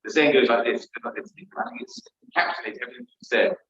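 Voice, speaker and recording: A man's voice: medium pitch, sing-song, fast, vocal fry, fairly bright tone. A man, a rabbi, giving a reflective sermon, often repeating words as he thinks. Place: synagogue. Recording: echoey hall, lo-fi.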